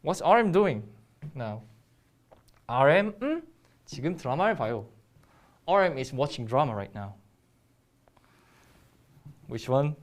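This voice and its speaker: A young adult teacher speaks English in a recorded grammar lesson. The delivery is halting and full of pauses. The teacher keeps putting quiz questions to the viewer at an everyday, middle pitch. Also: sing-song. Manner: hesitant, many pauses, quizzing the viewer. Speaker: Korean language teacher.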